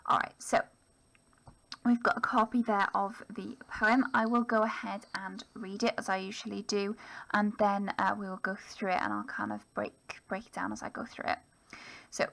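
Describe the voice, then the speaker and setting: A woman teaching English literature in a recorded lesson voice-over. She talks in a relaxed way, with frequent ums and small self-corrections. Her voice is gravelly and creaky at a middling pitch. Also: normal speed, low-quality recording.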